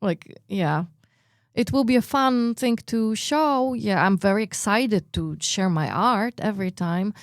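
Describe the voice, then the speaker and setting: A Polish woman, a performer and radio guest whose first language is Polish, tells personal stories in an interview. She's animated, acts out her own reactions, and uses "like" a lot, speaking at medium pitch and a measured pace in clean studio sound with no room noise.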